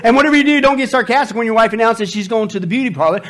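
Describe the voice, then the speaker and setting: High-voiced joking male pastor. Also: very fast. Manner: lively, joking, repeats phrases for emphasis. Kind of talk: sermon.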